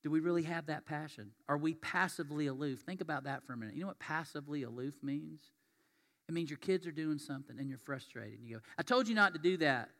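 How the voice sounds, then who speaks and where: A man's voice: a little high, fast. Male pastor, folksy conversational sermon, long echoing church reverb. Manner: conversational, folksy, acts out quoted voices.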